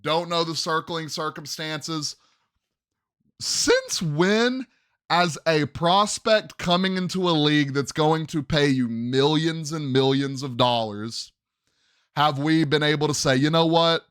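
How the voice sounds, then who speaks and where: A man's voice: a little high, slow, smooth, no echo, clean studio sound. A man hosting a solo sports podcast, emphatic and opinionated, often calling out to his listeners. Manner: emphatic, opinionated, addresses "ladies and gentlemen". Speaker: podcast host.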